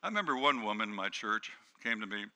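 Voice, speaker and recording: A middle-aged male pastor preaching a sermon, dropping to hushed tones and then rising to loud, emphatic peaks. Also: lowish voice, big pitch swings, quick pace. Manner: dynamic preaching, swings from hushed to shouting.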